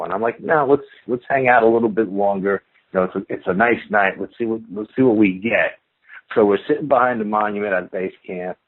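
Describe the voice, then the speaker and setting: A man telling his eyewitness story in loose, dramatic everyday talk, acting out what each person said. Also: deep voice. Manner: talkative, dramatic, acts out what people said; loose speech with "like" and "you know" fillers and swearing. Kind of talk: casual spoken storytelling. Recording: tinny phone-line audio.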